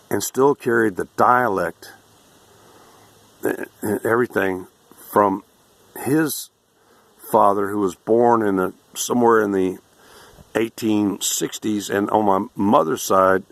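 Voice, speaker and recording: A man in his sixties with a Central Texas accent, tired and hoarse, ranting to camera in a crude, boastful, abrasive way. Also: on the low side, takes it slowly, pauses often, no room sound. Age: 60s. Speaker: vlogger.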